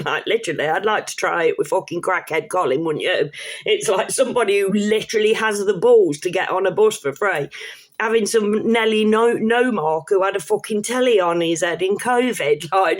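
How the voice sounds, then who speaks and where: A woman's voice: medium pitch, moderate pace. A woman rants to her camera in a loose, rambling way. She swears freely and breaks off with laughing asides as she talks to her subscribers. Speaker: vlogger. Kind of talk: casual rant to camera.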